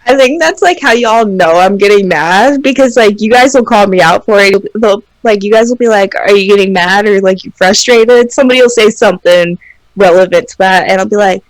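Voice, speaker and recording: A woman's voice: mid-range voice, a little fast, no echo, poor audio. A young woman from Washington and Oregon co-hosting a casual podcast, laid-back and giggly, swearing casually as she chats. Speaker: co-host.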